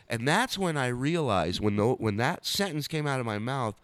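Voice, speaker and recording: A man's voice: medium pitch, normal speed, no room sound, studio quality. A male comedian telling a story on a podcast, swearing and acting out scenes. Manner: animated, swearing, acts out scenes. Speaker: comedian guest.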